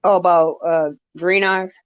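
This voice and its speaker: A man on a casual stream chat, talking in a halting, rambling way with many restarts and wry jokes. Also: high voice, level tone, smooth, dry recording, dull audio.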